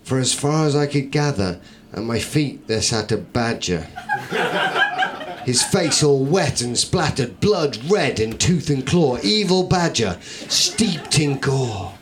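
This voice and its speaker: Brief: male performance poet, middle pitch, theatrical rhythmic delivery, wry comic verse. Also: sing-song, takes it slowly, a crowd in the background. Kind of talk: comic verse recitation to a live audience.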